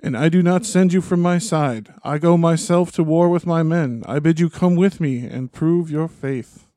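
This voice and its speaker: A resolute old king gives firm, measured orders, as a man reads him aloud. His voice is mellow and a bit high, recorded dry and close. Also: no echo, close to an everyday voice.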